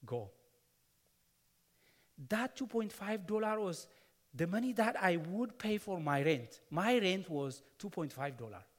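Pastor in a reverberant hall. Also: male voice, sits high, expressive, normal speed. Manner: earnest, repeats words, frequent asides. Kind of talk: sermon with a personal story.

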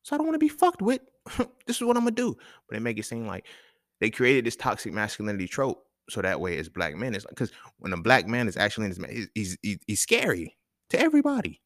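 Low guy going off on his podcast, swears a lot, voice swings all over, dead dry mic. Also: huge pitch swings, fast talker, a bit bright, dry recording. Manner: emphatic, blunt and profane; chuckles between points. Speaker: podcast host. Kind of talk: casual monologue.

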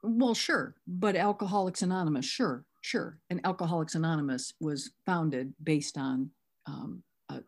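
A woman's voice: low-pitched, moderate pace. A middle-aged woman at a recovery workshop, recounting a sponsorship story and acting out both sides of the dialogue. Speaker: workshop speaker.

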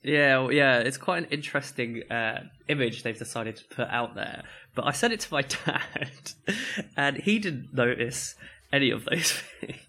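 A man's voice: mid-range voice, normal speed, bright, forceful tone. A man co-hosting a podcast, telling stories in a casual chatty way and laughing often. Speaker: podcast co-host. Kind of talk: casual chat.

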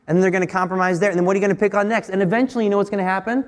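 A man in his thirties preaching at a midweek church service, telling a personal story in a conversational way and often restarting his words. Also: racing. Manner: rises in pitch and force when pressing a point. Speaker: pastor. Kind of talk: sermon.

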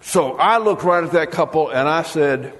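A preacher with a high voice delivers a sermon, spinning funny stories and slipping into the voices of the people he quotes. The sound hangs in the long reverb of a large church hall. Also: expressive, moderate pace, fairly bright tone. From United States. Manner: storytelling with humor, acting out quoted voices. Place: church sanctuary.

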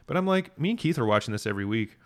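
A man talks loosely about television with a co-host. He is animated and rambling and often restarts his sentences. His pitch sits in the middle range. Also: rapid-fire. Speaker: podcast co-host. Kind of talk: casual chat.

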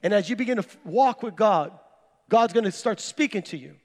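A man preaching a sermon, telling a personal testimony with animated storytelling and reenacting what he said. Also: high voice, fairly quick. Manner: animated storyteller, reenacts his own words. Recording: echoey hall with long reverb.

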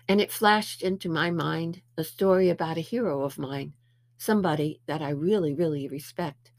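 A woman's voice: low voice, normal speed, no room sound. A woman giving a spiritual talk, telling anecdotes with chatty storytelling and playful self-mockery. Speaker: spiritual speaker.

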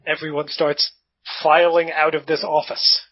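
A man's voice: on the high side, flat delivery, a little slow. A man narrating a tabletop game as game master, describing scenes in a laid-back, matter-of-fact way. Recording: dull lo-fi sound.

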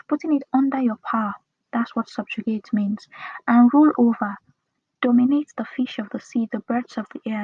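A woman giving a devotional Bible teaching in a slow, breathy delivery that often drops to a whisper. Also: fairly high pitch, dry recording. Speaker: preacher. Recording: dull dry close recording.

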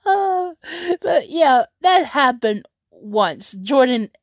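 A woman talking in casual vlog commentary, excitable and rambling, often laughing and restarting her sentences. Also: sits high, drawn-out words, dry recording. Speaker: streaming commentator.

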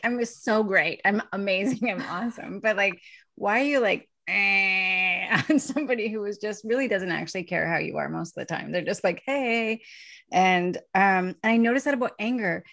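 A woman's voice: medium pitch, gravelly. A young woman hosting a casual talk show, chatting freely, laughing often and acting out quoted lines. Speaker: podcast host. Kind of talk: casual chat.

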